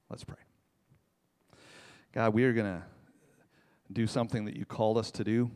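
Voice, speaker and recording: A man delivers a sermon as a pastor, shifting between quiet, intimate moments and loud, passionate stretches while tossing in casual asides and rhetorical questions to the congregation. His voice sits on the low side with fairly even intonation and a moderate pace, and he pauses often.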